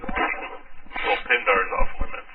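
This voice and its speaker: A man co-hosting a radio show in casual chat, curious and full of questions. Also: slow pace. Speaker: radio co-host. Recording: dull lo-fi, distant.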